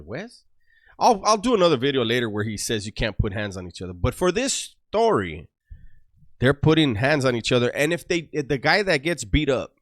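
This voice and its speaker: A man hosts a reaction video and drops sarcastic, joking comments on what he is watching, often laughing. His mid-pitched voice moves up and down in a lively way. The sound is dry and close to the mic. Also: no echo.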